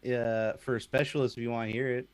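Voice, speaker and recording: A man's voice: medium pitch, flat delivery, clear, resonant tone, dry recording. Playful man, dry close sound. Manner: playful, halting, full of fillers. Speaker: podcast guest. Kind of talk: casual gaming chat.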